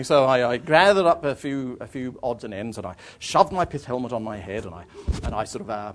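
A man, an author, telling travel anecdotes to an audience in a lively, self-deprecating way, often restarting his phrases. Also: medium pitch, a little fast. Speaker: author giving a talk.

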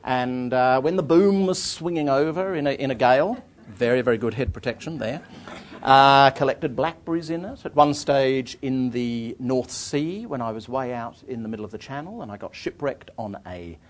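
A man, an author, telling travel anecdotes to an audience in a lively, self-deprecating way, often restarting his phrases. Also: medium pitch, normal speed, slight background noise. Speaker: author giving a talk.

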